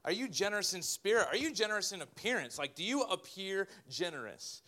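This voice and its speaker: A man, a pastor, preaching a sermon in an animated way with joking asides to his congregation. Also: high-pitched, brisk.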